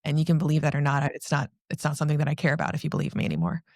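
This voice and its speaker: Woman guest, gravelly voice, dry close sound; emotional personal story full of "like"s. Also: sits low, very fast, darkish tone, no echo. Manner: breathless, frequent "like" fillers. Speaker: podcast guest.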